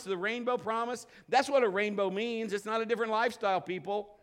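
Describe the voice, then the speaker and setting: A man's voice: sits high, a little fast, few pauses, a bit bright. A man preaching a sermon as pastor, building to emphatic points and acting out quotes.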